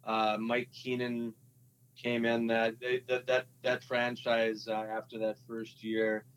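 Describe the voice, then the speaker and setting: A man, a former hockey player, telling his story in a relaxed interview, halting with many fillers and restarts, with a Minnesotan accent. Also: mid-range voice, a little hiss or hum, rough recording.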